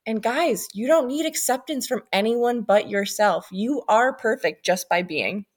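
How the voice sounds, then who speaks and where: A woman's voice: fairly high pitch, expressive, unhurried. A woman co-hosting a podcast in a loose, chatty way. She rambles into tangents and swears casually as she talks. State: pregnant. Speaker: podcast co-host. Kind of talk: casual chat.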